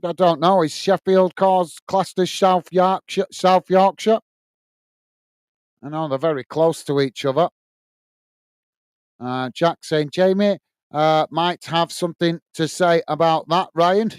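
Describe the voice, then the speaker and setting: A man's voice: a little high, fairly even intonation, slow, clean tone, no echo. A middle-aged man with a Northern English accent, hosting a football watch-along, calling the match and reading out viewer messages in a blunt, chatty way. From north of England. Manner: chatty, blunt, laughs easily, says mate a lot.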